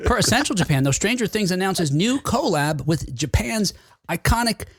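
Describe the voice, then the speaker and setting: A man's voice: sits high, big pitch swings, moderate pace, a bit bright, slightly rough, no echo, studio quality. A man co-hosting a casual chat show, telling stories and laughing often. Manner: chatty storyteller, laughs often. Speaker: podcast co-host.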